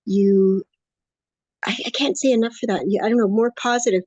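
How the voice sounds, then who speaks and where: A woman's voice: a little high, fairly even intonation, moderate pace, darkish tone, dry recording, lo-fi sound. A woman in her late sixties, talking in a chatty, upbeat, rambling way as a guest in an interview. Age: 60s. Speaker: course student interviewee. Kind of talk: casual interview conversation.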